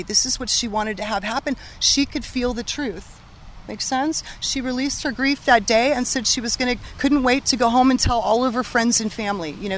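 A woman working as a medium, telling stories in an animated, casual conversation with frequent laughter. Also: fairly high pitch, slight background noise.

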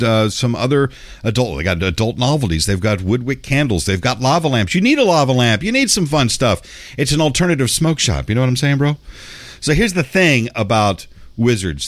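A man's voice: mid-range voice, dry recording. Laid-back male radio host, dry sound. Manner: loose, rambling, chummy, with slang asides. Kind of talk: casual radio chat and ad reads.

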